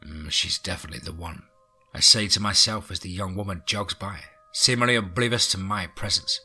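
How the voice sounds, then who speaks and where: Husky guy reading a horror audiobook, low-ish voice, brooding, whispery bits. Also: sharp tone. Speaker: audiobook narrator.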